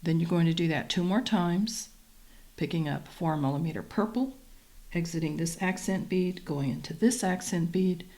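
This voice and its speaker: A woman calmly guiding viewers step by step through a beading tutorial, describing each move as she works. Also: on the low side, moderate pace. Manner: calm, methodical, talks while working. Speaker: beading instructor.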